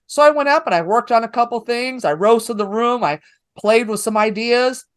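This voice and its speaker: A woman's voice: a little high, brisk. A woman comedian with a New York accent telling a story in a casual interview, blunt and profane, voicing her own lines with energy. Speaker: stand-up comedian guest.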